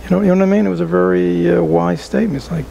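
A man giving a relaxed, conversational dharma talk to a small group as a Buddhist teacher, often asking rhetorical questions and adding "right?". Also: high-pitched, rapid-fire, creaky, a little hiss or hum, rough recording.

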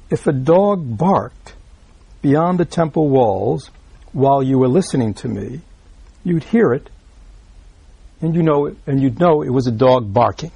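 A man giving a Buddhist dharma talk, reading out a teaching and explaining it. He often checks in with listeners by asking "right?", repeats himself, and drops into soft asides. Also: fairly high pitch, vocal fry, slightly rough, dry recording. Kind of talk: dharma talk explaining a read-aloud text.

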